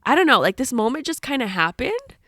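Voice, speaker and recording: A young woman co-hosting a casual book podcast, animated and laughing as she retells scenes. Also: on the high side, a little fast, no room sound, clean studio sound. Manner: animated, laughing, acts out character lines. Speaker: podcast co-host.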